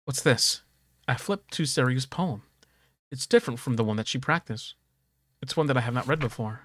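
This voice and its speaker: A man streaming a game, reading its dialogue aloud and breaking off into excitable, profane reactions. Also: medium pitch, moderate pace, no room sound, clean studio sound.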